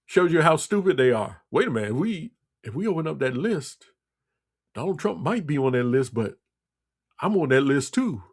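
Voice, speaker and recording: Blunt scolding man, fairly high voice. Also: very animated, moderate pace, breathy edge. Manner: blunt, scolding, repeats himself. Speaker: radio talk host. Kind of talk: political commentary monologue.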